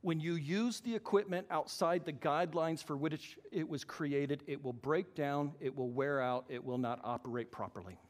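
Male pastor, high-pitched and animated, preaching in a church hall with long reverb. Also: moderate pace, hardly any pauses. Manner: animated, acts out quoted voices. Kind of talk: sermon.

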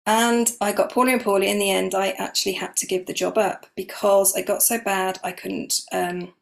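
A woman's voice: medium pitch, little pitch movement, normal speed, creaky. A middle-aged woman, telling her personal story openly and with emotion as an interview guest. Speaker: guest, energy healer.

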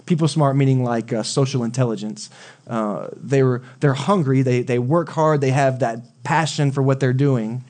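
A man's voice: medium pitch, darkish tone. A young adult man preaching a sermon, talking conversationally and telling stories with asides to the congregation. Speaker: pastor.

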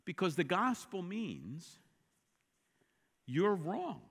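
A man delivers a sermon with a high, bright voice that swings widely in pitch. He builds to forceful, emphatic repetitions. The sound carries a long reverb, as in a large hall. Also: drawn-out words, gravelly, husky. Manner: animated preaching, rising to emphatic repeated exclamations. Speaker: pastor.

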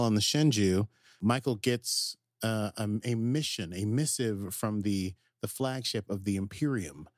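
A man's voice: mid-range voice, darkish tone, no echo, clean studio sound. A man co-hosting a podcast, casually recapping an episode in a rambling way, full of fillers and acted-out quotes. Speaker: podcast co-host.

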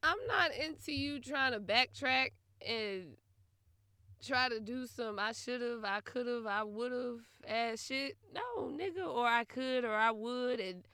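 A woman's voice: fairly high pitch, slow, clear, resonant tone, no echo, clean studio sound. Blunt, profane young woman telling a story. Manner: blunt, profane, animated, laughing often. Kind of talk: casual storytelling rant.

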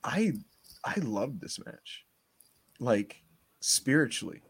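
A man co-hosting a casual wrestling podcast, joking, animated and laughing often. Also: mid-range voice, takes it slowly, creaky, slightly rough. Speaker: podcast co-host.

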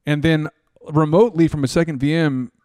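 Young man, podcast co-host, rambling, excitable, slightly high voice, dry close mic. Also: a little fast, clean tone, dry recording. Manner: rambling, repeats words, excitable. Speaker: podcast co-host, scam baiter. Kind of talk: casual chat.

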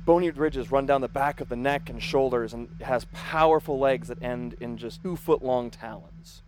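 A man's voice: mid-range voice, moderate pace. A man running a tabletop game as game master, narrating scenes in vivid detail. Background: background music.

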